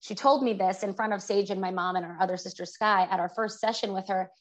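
A woman's voice: mid-range voice, steady tone, fast talker, poor audio. A woman guest on an interview podcast, vividly retelling a personal story with lots of fillers.

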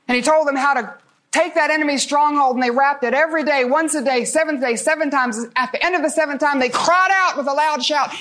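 An older woman preaching fervently, telling Bible stories with emphatic, dramatic pauses. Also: high-pitched, a bit bright. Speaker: guest speaker.

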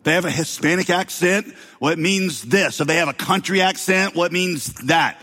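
A man preaching with a slight Southern American lilt, his fairly high voice carrying long reverb through a large sanctuary. He breaks up the sermon with joking asides to the congregation. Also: normal speed, bright, forceful tone. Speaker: pastor.

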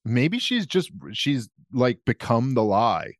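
Wry, deadpan man on a podcast. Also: medium pitch, slow, no room sound, studio quality. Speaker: podcast guest, comedian. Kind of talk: casual conversation.

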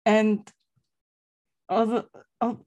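A woman's voice: on the high side, level tone, extremely slow, darkish tone. A young woman co-hosting a casual fan discussion podcast, rambling and giggling as she talks. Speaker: podcast co-host.

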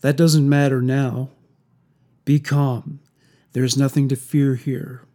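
A man playing a calm, mocking male killer in a horror story, soft-spoken and coldly menacing. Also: medium pitch, takes it slowly, lightly acted.

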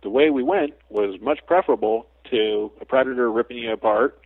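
A man talking as a guest psychic medium in a casual interview, a chatty storyteller who slips into lively quoted asides. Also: mid-range voice, brisk, husky, no echo. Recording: tinny phone line, dry.

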